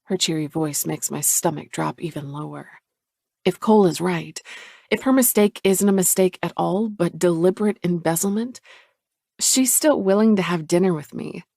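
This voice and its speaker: Woman reading a romance audiobook, low voice with some fry, dry close sound. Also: normal speed, darkish tone, dry recording. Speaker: audiobook narrator. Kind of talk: scripted romance narration.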